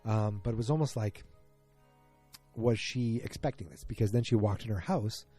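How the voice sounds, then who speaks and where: A man's voice: lowish voice, mellow, no room sound, faint music behind. A man hosting a solo podcast, recapping a show episode in a rambling casual way with many fillers. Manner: rambling, frequent fillers, quick retelling of scenes. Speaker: podcast host.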